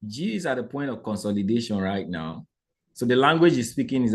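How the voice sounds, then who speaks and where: A man with a medium-pitched voice, speaking a little fast, teaches a live trading lesson to his viewers. His delivery is animated and preacher-like, full of rhetorical questions, and he keeps checking in with his audience.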